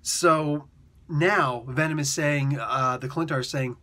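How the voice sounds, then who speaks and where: A man casually reviewing a comic book, chatty and animated, slipping into quick character voices. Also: fairly high pitch. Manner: chatty, with many fillers and restarts.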